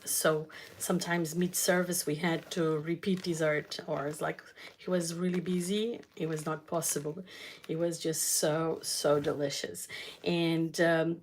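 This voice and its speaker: A woman hosting a cooking channel, telling a family story in a casual, halting way while she cooks, with many fillers and restarts. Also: sits low, flat delivery, slight background noise.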